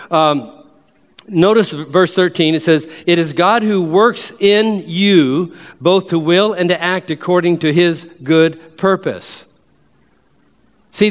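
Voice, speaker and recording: A man delivering a sermon, his voice sitting a little high for a man. He presses his points with emphasis and slows down to read scripture aloud. The sound carries a long reverb, as in a large hall. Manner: emphatic preacher who slows down to read verses. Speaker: pastor.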